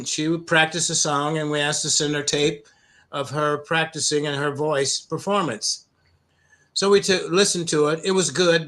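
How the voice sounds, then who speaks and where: A middle-aged man from the United States, a program founder telling stories in an interview, with many restarts and an occasional cleared throat. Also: on the high side, fairly bright tone. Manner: halting, many restarts and repeated words. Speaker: anti-bullying program founder, guest. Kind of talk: conversational interview storytelling.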